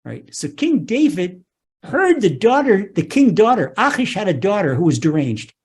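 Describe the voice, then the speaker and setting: A man teaching as a rabbi, telling a scripture story in an animated way, restarting phrases and saying "okay" often. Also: sits high, breathy edge.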